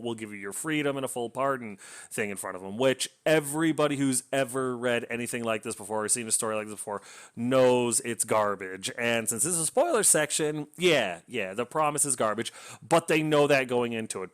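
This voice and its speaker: A man's voice: mid-range voice, fairly bright tone, clean tone. Male book reviewer, casual rambling delivery, lots of restarts, eager tone. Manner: rambling, frequent restarts and filler, enthusiastic.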